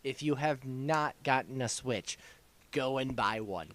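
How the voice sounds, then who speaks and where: A young man co-hosting a casual gaming podcast, excitable and gushing, often acting out his own reactions. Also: medium pitch, a little slow, dry recording. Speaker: podcast co-host.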